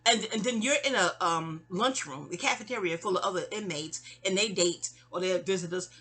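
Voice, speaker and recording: A middle-aged woman with a New York accent tells a story from her own life. Her voice is husky but bright and forceful. She rambles and drifts off on tangents, full of ums and restarts. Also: lowish voice, brisk. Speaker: vlogger telling a memoir story. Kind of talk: casual rambling storytelling monologue.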